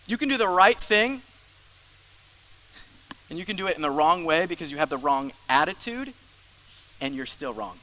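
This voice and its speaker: A young adult man preaching a sermon as pastor, emphatic, repeating phrases and dropping into soft asides. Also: on the high side, very animated, normal speed, long pauses, poor audio.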